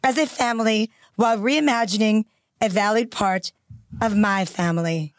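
A woman's voice: medium pitch, very noisy, natural voice. Woman impersonating an elderly queen, stately. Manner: measured, stately formal cadence. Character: the elderly Queen reading a formal royal statement.

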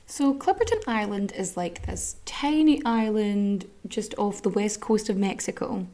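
A woman, hosting a podcast and telling a history story in a sweary, sarcastic, animated way. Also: medium pitch. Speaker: podcast host. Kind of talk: casual storytelling chat.

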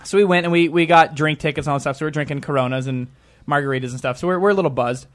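Quick-paced man retelling a night out. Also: a little high. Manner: animated retelling with laughs. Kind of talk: casual chat.

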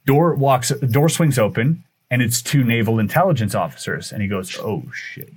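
A man's voice: medium pitch, moderate pace, husky. A man, a podcast guest, telling a long story in casual chat, acting out what people said. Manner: animated, acts out quoted dialogue; loose, with fillers and restarts.

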